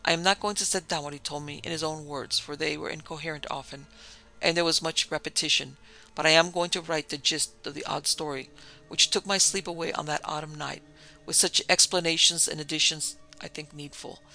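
A man narrating a classic story as an audiobook, measured and even. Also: fairly high pitch, gravelly, low-quality recording.

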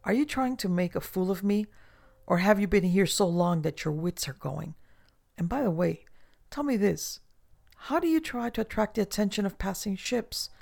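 A man reading aloud, voicing an indignant shipwrecked gentleman who questions brusquely. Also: sits high, lively intonation, normal speed, creaky, voice pushed up, heavily acted. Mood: impatient.

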